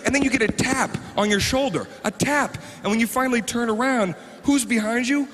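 Male stand-up comedian, high and lively voice, live stage in a big reverberant hall. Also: a little fast, few pauses. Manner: animated, acts out characters and sobs for laughs. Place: stage before a live audience.

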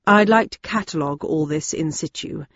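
A woman's voice: sits low, normal speed, breathy edge, dry recording, dull audio, pitched below the performer's own voice. A woman reading the part of a precise, bookish male librarian in an audiobook. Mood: earnest.

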